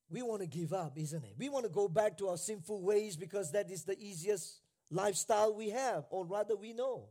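Delivering a sermon at normal speed, this pastor has a voice that sits high. He alternates between quiet delivery and shouting, driving his points home through repetition.

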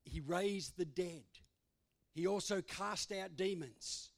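A man's voice: sits high, takes it slowly, creaky. Emphatic preacher, man. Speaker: pastor. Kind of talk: sermon.

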